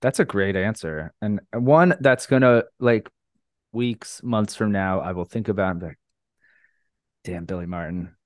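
A man's voice: on the low side, animated, normal speed, no echo, clean studio sound. A middle-aged man hosting a podcast, chatting in a rambling way and laughing often. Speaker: podcast host. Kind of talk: casual podcast chat.

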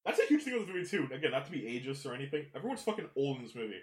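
A man hosting a casual film discussion podcast, animated, swearing, with many fillers and restarts. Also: mid-range voice, racing. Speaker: podcast host. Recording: roomy echo.

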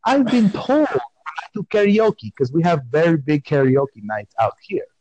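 A man's voice: on the high side, big pitch swings, a little slow, darkish tone, a little hiss or hum, poor audio. A man hosting a podcast in a casual, playful, rambling way, talking with mock seriousness. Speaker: podcast host.

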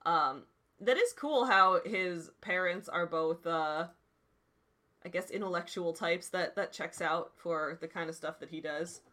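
A woman in her twenties hosting a casual chat and reading articles aloud, animated and chatty, full of "like" and "dude". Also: lowish voice, unhurried.

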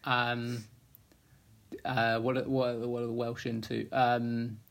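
A man's voice: medium pitch, monotone, takes it slowly, creaky, a bit bright. A male host running a casual interview, friendly and teasing, with lots of fillers. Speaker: podcast host.

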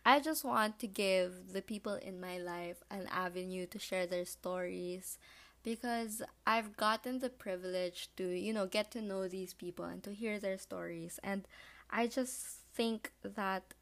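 A teenage woman from the Philippines talks through a solo podcast episode on her own. She rambles and fills her pauses with "um" and "you know". She is chatty and a little self-conscious about talking about herself. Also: mid-range voice, a bit bright. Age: late teens. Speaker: podcast host. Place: home living room at night.

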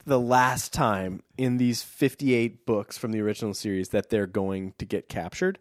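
A man's voice: lowish voice, steady tone, moderate pace, no room sound. A man co-hosting a casual podcast, reading passages from a book and adding dry, wordy asides. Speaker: podcast co-host.

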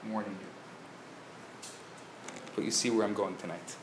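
A man, a rabbi, telling a story in a live lecture, swinging from hushed tones to loud bursts. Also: lowish voice, steady tone, moderate pace, a little hiss or hum. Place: synagogue lecture hall, live audience. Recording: echoey live room with faint ambience.

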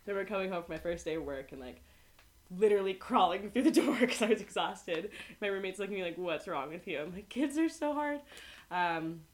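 Young woman, lowish voice, chatty storyteller who laughs a lot. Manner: laughs often, animated storytelling with voiced quotes. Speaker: storyteller among friends. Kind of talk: casual chat.

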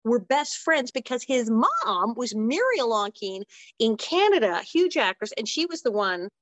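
Older woman guest, lively anecdotal talker with quick asides, dry close sound. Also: a little high, no room sound. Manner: animated, quick asides and acted-out quotes. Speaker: interview guest. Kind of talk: casual storytelling.

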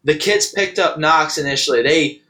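Man, slightly high pitch, ex-ballplayer co-host, halting, lots of ums. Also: pushed and bright, rough recording. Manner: halting, frequent "um" and "uh". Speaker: podcast co-host, former baseball player. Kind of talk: casual movie discussion.

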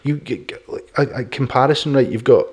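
A man's voice: mid-range voice, fairly quick, a little mellow, slightly rough. A middle-aged man hosting a podcast, talking bluntly and opinionatedly, swearing and laughing often. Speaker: podcast host. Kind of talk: casual podcast chat.

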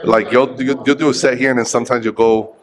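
A man, a comedian who hosts shows, chatting casually in a laid-back way, swearing and quick to laugh. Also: medium pitch, fairly even intonation, crowd noise. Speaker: comedian and show host. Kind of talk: casual chat.

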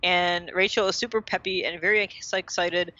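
Woman co-host, chatty recap, bright tense tone, dry dull lo-fi sound. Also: lowish voice, fairly even intonation, moderate pace, dry recording. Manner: chatty, lots of fillers and "like". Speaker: podcast co-host. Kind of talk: casual episode recap.

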